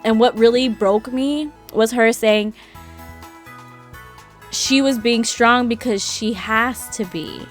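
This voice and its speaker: A woman streaming a game and chatting casually, gossiping in an animated way with frequent laughter. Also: a little high, slow, long pauses, faint music behind. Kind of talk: casual chat while gaming.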